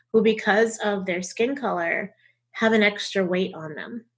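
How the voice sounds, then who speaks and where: A woman's voice: medium pitch, fairly bright tone, husky. Earnest woman with a Southern accent. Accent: Southern American. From United States. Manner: earnest, reflective, speaks in short phrases. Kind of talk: casual conversation.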